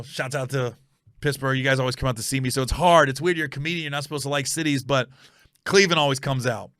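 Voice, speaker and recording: A man's voice: mid-range voice, no echo, clean studio sound. A middle-aged man, a comedian hosting his own show, telling stories in casual chat and acting out the people in them. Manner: animated, acts out voices in his stories. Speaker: comedian and podcast host. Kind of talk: casual storytelling monologue.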